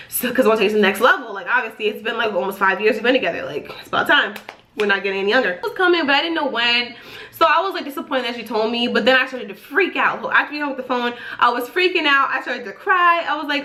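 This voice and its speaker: A young woman in her twenties telling a story to the camera in a casual vlog, chatty and animated. Her voice sits high and sounds bright and lively, and it comes across clearly. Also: fast. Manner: animated and chatty, lots of "like" fillers. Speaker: vlogger.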